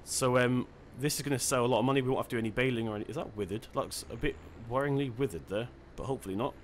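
A man's voice: medium pitch, racing, slight background noise. A man giving casual let's-play commentary, chatty and self-deprecating, thinking aloud as he plays. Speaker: gaming channel host.

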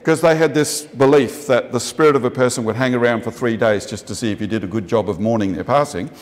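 A man with an Australian accent preaching a sermon in a conversational way, jumping up in pitch for emphasis and often restarting his sentences. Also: darkish tone. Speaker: pastor. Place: church. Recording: long church reverb.

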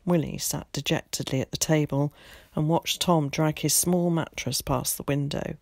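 A woman's voice: low-pitched, creaky, no room sound, clean studio sound. Woman teacher reading a story aloud. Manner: expressive, measured storytelling. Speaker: primary school teacher.

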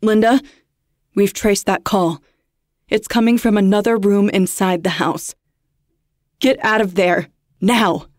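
A woman voicing a calm, firm male police dispatcher in a narrated horror story, speaking in an official, reassuring way. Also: medium pitch, unhurried, dry recording, studio quality, natural voice. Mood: urgent.

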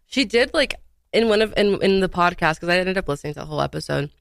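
Woman co-host, lowish voice, mocking gossip, dry mic. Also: expressive, fast talker, gravelly, no room sound. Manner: mocking, giggly. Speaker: podcast co-host. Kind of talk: casual gossip chat.

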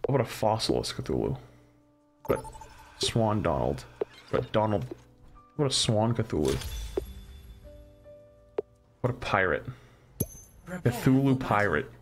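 A man streaming a crafting game, musing aloud as he tries one combination after another. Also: mid-range voice. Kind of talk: casual live-stream commentary.

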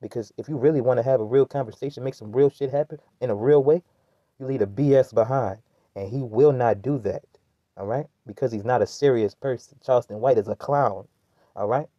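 A man's voice: mid-range voice, brisk, mellow, no room sound, highs cut off. A man giving a heated, rambling commentary rant, full of slang and restarts. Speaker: commentary vlogger. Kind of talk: ranting commentary.

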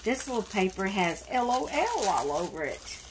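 A woman's voice: medium pitch, big pitch swings, normal speed, background noise. A middle-aged woman chatting casually as she unboxes mail, gushing and gasping, close to tears with gratitude.

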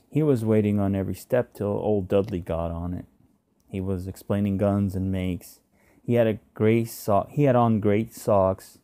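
Deep, dark-voiced male story reader. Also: no room sound. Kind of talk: scripted narration of a short story.

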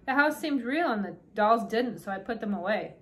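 A woman's voice: fairly high pitch, expressive, normal speed, close to an everyday voice. A woman voicing a curious, eager young girl who asks wondering questions.

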